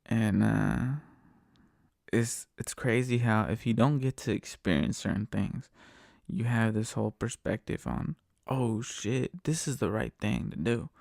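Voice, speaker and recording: A man's voice: lowish voice, unhurried, vocal fry, no echo, clean studio sound. A man hosting a podcast, talking alone in a casual rant, swearing constantly and circling back over his points. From United States. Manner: swears constantly, repeats himself, animated venting. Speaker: podcast host. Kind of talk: casual profane monologue rant.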